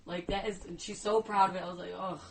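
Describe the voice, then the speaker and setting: A woman co-hosting a casual podcast, chatty and quick to laugh and agree. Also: on the low side, flat delivery, a little hiss or hum, poor audio. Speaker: podcast co-host.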